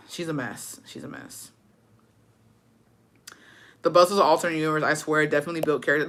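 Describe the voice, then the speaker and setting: Bright-voiced, foul-mouthed young woman storyteller. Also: low-pitched. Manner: profane, blunt, animated storytelling; mixes Spanish phrases into English. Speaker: livestream host. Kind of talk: casual storytime rant.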